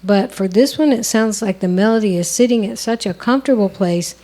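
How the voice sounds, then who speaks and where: Speaking a little fast in a mellow, medium-pitched voice, this woman co-hosts a songwriting lesson. Her talk is an instructional conversation, walking through each step casually.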